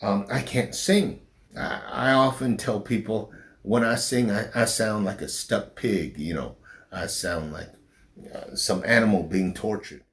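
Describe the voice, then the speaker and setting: A middle-aged man, a pastor, speaking slowly and haltingly in an interview, with a slight southern drawl since his stroke. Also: fairly low pitch. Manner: slow, halting speech with restarts after a stroke. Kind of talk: personal interview.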